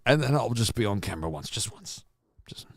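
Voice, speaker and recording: A man doing an impression of a smug scheming male politician, low and mumbling with sly asides. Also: very animated, fast, dry recording, clean studio sound, lightly acted.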